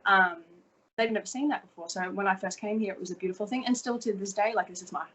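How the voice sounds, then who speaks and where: A woman's voice: mid-range voice, fast, fairly bright tone, low-quality recording. A woman in her thirties with an Australian accent, chatting energetically as a podcast guest and swearing casually. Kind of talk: casual interview chat.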